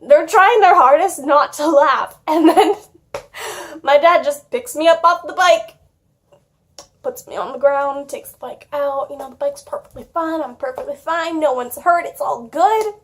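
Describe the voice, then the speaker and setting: Giggly high-voiced young woman vlogger. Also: unhurried, a bit bright. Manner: chatty, giggly, lots of "like". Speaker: YouTuber. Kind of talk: casual storytime vlog.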